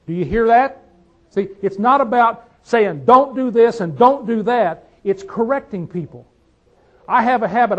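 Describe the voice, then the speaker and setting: A man preaching a sermon, reading scripture aloud and quizzing his listeners with emphatic rhetorical questions. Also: high voice. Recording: dull lo-fi sound.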